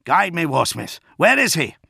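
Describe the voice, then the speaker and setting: A man voicing a defiant male warrior speaking grimly to a monster, in a gravelly voice. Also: on the high side, animated, unhurried, pushed and bright, dry recording, studio quality, voice pushed up, exaggerated voice. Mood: urgent. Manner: grim, defiant.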